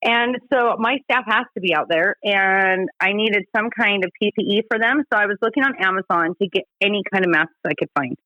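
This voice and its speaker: Utah lady in her 40s, chatty and animated, slightly muffled dry podcast audio. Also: mid-range voice, brisk, few pauses, no room sound. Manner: animated, laughing storyteller. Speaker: podcast guest, harm reduction director. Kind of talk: casual storytelling chat.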